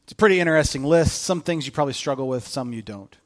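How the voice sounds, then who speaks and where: A man's voice: mid-range voice, fast. A middle-aged man preaching a casual sermon as pastor, joking with the congregation and acting out quoted lines. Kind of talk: conversational sermon.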